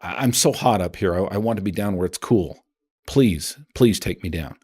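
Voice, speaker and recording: A man's voice: sits low, normal speed, a little mellow, breathy edge, pitched below the performer's own voice. A man voicing a sly talking snake from a fable, in a wheedling, begging way. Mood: pleading.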